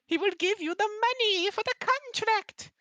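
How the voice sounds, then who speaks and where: A woman voicing an excitable little male owl receptionist in a tabletop game, eager and overexcited. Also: very high-pitched, normal speed, no echo, pitched above the performer's own voice. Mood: excited.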